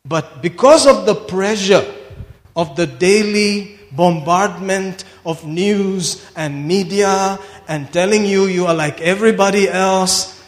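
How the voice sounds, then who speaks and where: A man preaching a sermon, swinging from quiet asides to shouted declarations. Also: high-pitched, slow. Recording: long hall reverb.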